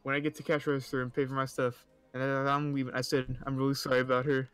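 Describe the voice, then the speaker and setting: A man's voice: mid-range voice, flat delivery, quick pace, a bit bright, clear, resonant tone. A young man casually reading stories aloud, stumbling over words and often breaking into laughter and mocking asides.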